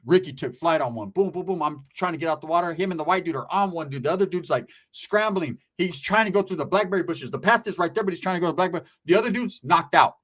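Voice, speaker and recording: A man telling a story in casual chat, animated and profane, full of street slang and shouted sound effects. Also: a little high, quick pace, few pauses.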